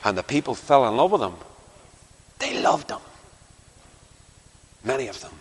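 Male preacher, mid-pitched, very expressive, storytelling sermon; long hall reverb on the voice. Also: moderate pace, long pauses, breathy edge. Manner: animated storytelling, rising to emphatic declarations. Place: large church or hall before a congregation.

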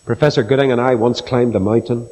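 A middle-aged man preaching a sermon, telling stories slowly and earnestly and building to solemn emphasis. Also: medium pitch, steady tone, darkish tone. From Ireland. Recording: long reverb of a large hall.

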